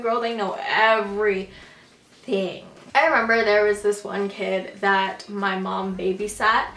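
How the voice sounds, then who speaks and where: A woman's voice: mid-range voice, a bit bright. A woman in her twenties talking to camera in a sassy, emphatic, casually profane way. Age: 20s. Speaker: vlogger. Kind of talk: casual to-camera comedy vlog. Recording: roomy echo.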